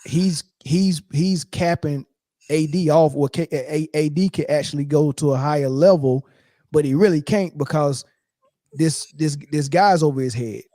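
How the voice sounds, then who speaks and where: A man co-hosting a live sports podcast, his voice sitting a little high yet sounding dark and mellow. He talks loosely, restarts his sentences, and keeps pushing the audience to hit the like button. The sound is dry and close. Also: moderate pace, no room sound. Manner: loose and repetitive, urging viewers to like and share. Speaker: podcast co-host. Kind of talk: casual live-stream chat.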